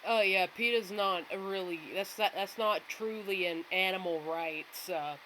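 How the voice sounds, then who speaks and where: A woman's voice: medium pitch, unhurried. A woman co-hosting a podcast in casual chat, blunt and matter-of-fact. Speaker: podcast co-host. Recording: noisy with clear hiss.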